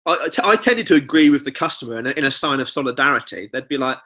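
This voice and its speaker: A man's voice: mid-range voice, animated, rapid-fire, bright, forceful tone. A young man co-hosting a comedy podcast, chatting casually and reading reviews aloud with joking asides. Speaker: podcast co-host.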